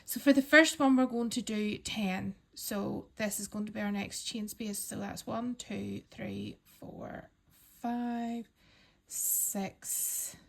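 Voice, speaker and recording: A woman calmly talking learners through a crochet pattern step by step, counting stitches aloud and reassuring them. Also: mid-range voice, vocal fry. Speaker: crochet instructor. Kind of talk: step-by-step craft tutorial.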